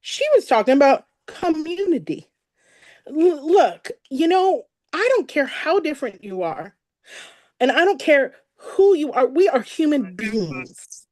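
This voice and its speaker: Woman event speaker, higher voice, animated and emotional personal storytelling, dry close sound. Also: a little slow, no room sound. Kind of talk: personal story told on stage.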